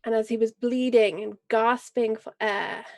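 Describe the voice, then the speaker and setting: A woman voicing a proud, vengeful noble lady and mother, speaking in a grave, measured and forceful way during a tabletop role-play. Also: fairly high pitch, steady tone. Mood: grave storytelling. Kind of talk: in-character role-play speech.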